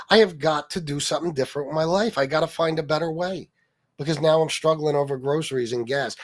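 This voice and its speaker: Middle-aged male livestream host, slightly higher voice, angry profane sarcastic commentary. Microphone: streaming mic.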